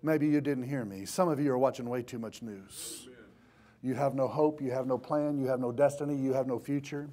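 A man preaching a sermon in a church, swinging from impassioned shouting to hushed tones. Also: mid-range voice, brisk. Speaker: pastor.

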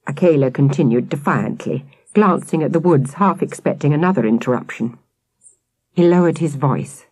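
A woman narrating a children's audiobook with an expressive, dramatic reading. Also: deep voice, normal speed, slightly rough, dry recording.

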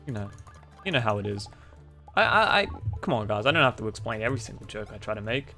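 A man's voice: on the low side, rapid-fire, bright, forceful tone. Guy doing a silly lets play, cracking jokes at the chat, some game music faint behind. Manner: goofy, joking, talks to viewers. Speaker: gaming YouTuber. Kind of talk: casual let's-play commentary.

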